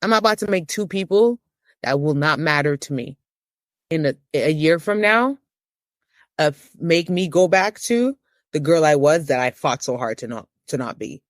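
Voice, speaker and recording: A woman in her thirties giving a candid personal testimony as an interview guest, with emotional, preacher-like rises in pitch. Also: expressive, normal speed, no room sound, studio quality.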